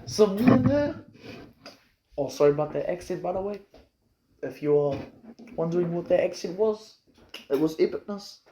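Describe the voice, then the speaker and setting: A man's voice: a little high, a little fast, long pauses. Rambling man telling an absurd boastful tale. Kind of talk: improvised comic storytelling. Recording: roomy echo with faint noise.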